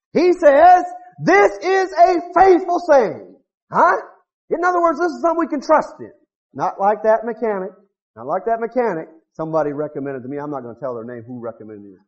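A middle-aged man preaching a revival sermon, folksy and full of rhetorical questions, swinging from loud shouts to low muttered asides. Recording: dull lo-fi recording.

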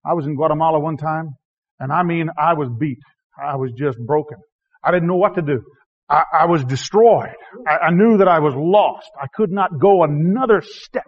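Speaking at a moderate pace, a missionary preacher with a high male voice moves between loud shouting and quiet, hushed lines in his sermon, chuckling as he goes. The audio is lo-fi and dull, its treble muffled.

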